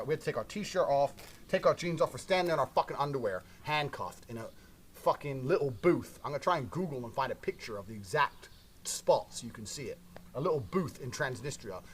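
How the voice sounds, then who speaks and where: Man, storyteller, rapid delivery, crude and emphatic, acts out dialogue, faint background hum. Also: medium pitch, a bit bright. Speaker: course presenter. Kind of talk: casual storytelling.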